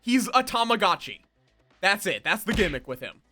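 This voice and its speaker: With gentle music underneath, the gamer talks to viewers in a sing-song, mid-range voice that's pushed and bright. At a normal speed, the casual stream chat meanders, and thoughts often get cut short.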